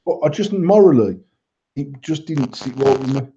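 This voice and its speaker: A man's voice: medium pitch, expressive, normal speed, mellow. A middle-aged man, co-hosting a podcast in blunt, sweary, rambling banter. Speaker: podcast co-host, vape shop owner. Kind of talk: casual banter. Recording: dull lo-fi sound.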